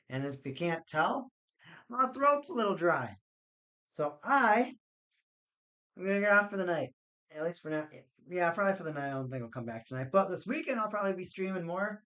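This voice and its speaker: A man's voice: on the high side, expressive, normal speed, long pauses, bright, forceful tone. A man chatting casually on a live stream while building card game decks, rambling and joking with his chat.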